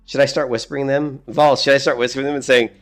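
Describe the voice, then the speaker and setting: Over soft background music, a middle-aged man streaming games talks quickly in a medium-pitched, flat voice. His casual chat during gameplay is rambling and profane, and he laughs at his own stories.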